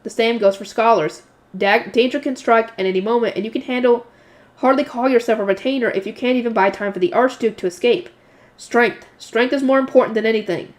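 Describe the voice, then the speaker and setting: A fired-up male professor preaching strength to his students, read aloud by a woman in a slightly high voice. The delivery is forceful and lecturing, like a storybook read at home. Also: brisk, lightly acted. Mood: passionate lecture. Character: fiery, loud male combat professor.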